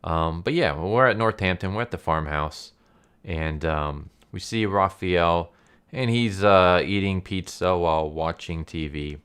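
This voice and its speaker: A man's voice: deep voice, measured pace, a bit bright, clear, resonant tone. A young man casually reviewing a comic book, laid-back and laughing often, with lots of fillers.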